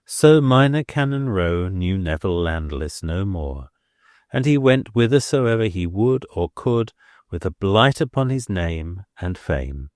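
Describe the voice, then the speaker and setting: A man narrating a classic novel as an audiobook, in a measured, deliberate reading close to the microphone. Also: deep voice, very animated, a little mellow, no room sound. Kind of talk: scripted narration.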